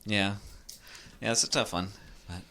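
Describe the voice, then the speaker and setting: A man's voice: fairly low pitch, fairly even intonation, sharp tone, a little hiss or hum. A young man hosting a podcast game, joking and teasing in casual banter. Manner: joking, teasing, quick asides. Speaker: podcast host running a game.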